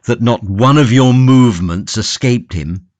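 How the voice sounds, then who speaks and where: A man's voice: mid-range voice, unhurried, a little mellow, dry recording, close to an everyday voice. A man voicing a passionate, stoic imprisoned tulip grower in an audiobook, grave and impassioned. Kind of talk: audiobook character reading.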